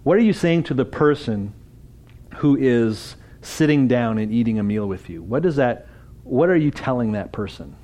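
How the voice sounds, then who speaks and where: Male conference speaker, conversational preaching style, mid-pitched, quizzes the crowd. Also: animated, moderate pace, dark tone. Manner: conversational, asks the audience questions. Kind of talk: interactive church talk.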